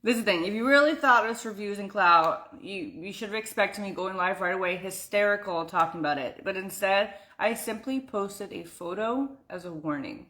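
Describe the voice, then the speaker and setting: Woman, young adult, from the US, live-stream chat, blunt, swears a lot, bright tone. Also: medium pitch, lively intonation, moderate pace, hardly any pauses. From United States. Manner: blunt, swears freely, talks to chat by name. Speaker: vlogger answering live chat. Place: at home.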